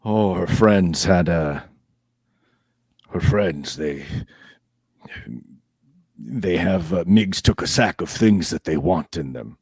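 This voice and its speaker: A man's voice: deep voice, slow, creaky, long pauses, darkish tone, breathy edge, no echo, full character voice. A man doing a stammering, flustered villager. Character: confused, flustered male villager guide.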